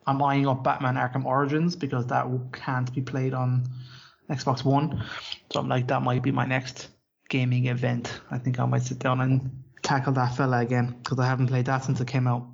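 A man's voice: mid-range voice, monotone, moderate pace, vocal fry. A man co-hosting a podcast in a casual, rambling chat that is peppered with swearing. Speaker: podcast co-host. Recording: dull lo-fi podcast audio.

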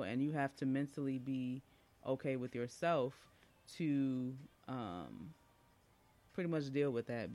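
A man, casually telling a personal story as a podcast speaker, chatty and full of asides. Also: mid-range voice. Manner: chatty, warm-hearted, with asides and fillers.

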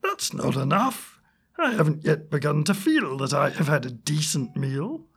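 Man putting on a gravelly greedy wolf. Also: a little high, big pitch swings, a little slow, a bit bright, exaggerated voice. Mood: whining. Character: sly hungry male wolf, greedy and leering.

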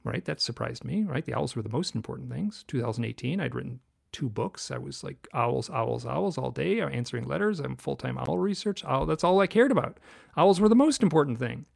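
Middle-aged male guest, strongly gravelly voice, earnest and halting, casual storytelling. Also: medium pitch, lively intonation. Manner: earnest, halting, many restarts and fillers. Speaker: guest author and researcher.

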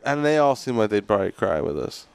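A man's voice: lowish voice, sing-song, quick pace, gravelly, clean tone. A young man co-hosting a podcast in casual chat, teasing his partner, laughing often and acting out quoted voices. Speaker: podcast co-host.

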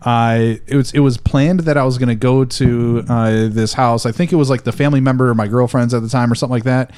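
A young man of medium pitch tells a meandering story on a casual podcast. He stops and starts, piling up fillers as he goes. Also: steady tone, a little mellow, clear, resonant tone. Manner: rambling, halting with fillers. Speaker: podcast co-host. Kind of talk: casual chat.

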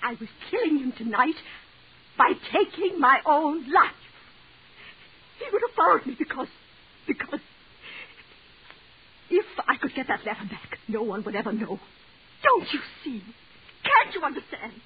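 An actress playing a jealous, desperate wife who pleads in a breathless, overwrought way, in 1940s radio acting style. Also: female voice, high voice, sing-song, a little slow, long pauses. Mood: frantic. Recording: tinny old radio broadcast with hiss.

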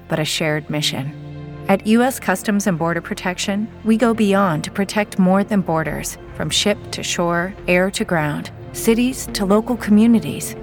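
A woman's voice: medium pitch, lightly acted. A woman narrating a scripted recruiting ad in an earnest, inspiring way. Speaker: recruitment ad announcer.

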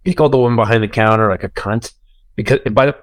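Animated, profane man in casual chat. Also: on the low side, fast talker, dry recording. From United States. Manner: animated, profane, swings loud for emphasis.

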